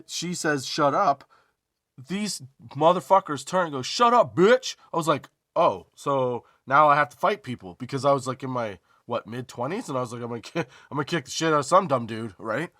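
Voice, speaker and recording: A man's voice: fairly high pitch, a bit bright, dry recording, studio quality. Profane, ranting man on a podcast. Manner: profane, emphatic storytelling; drawn-out emphasis, rhetorical asides. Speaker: comedy podcast host. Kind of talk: comedic ranting monologue.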